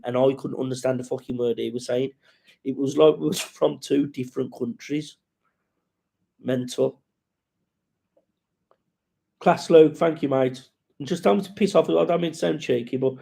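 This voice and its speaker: A man's voice: mid-range voice, creaky, warm tone. A man hosting a casual live-stream chat, rambling and sweary as he greets viewers and reads out their comments.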